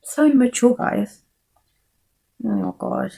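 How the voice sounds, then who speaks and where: A woman's voice: fairly high pitch, slow, gravelly, dark tone, poor audio. A young woman chats straight to her viewers, giggly and chatty. She keeps apologising as she goes, sounding casual and unscripted. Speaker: vlogger. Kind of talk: casual chat to camera, reading messages aloud.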